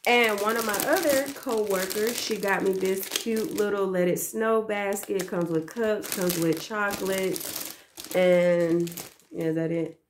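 A young daycare teacher chats casually to the camera about the gifts she got, gushing, repeating herself, and calling her viewers y'all. Her mid-range voice is fairly even and unhurried, with background noise behind it.

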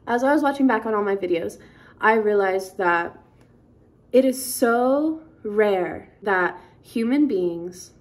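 A woman's voice: medium pitch, darkish tone. A young woman vlogging casually to camera, talking in an earnest, affectionate, rambling way. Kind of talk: casual direct-to-camera vlog.

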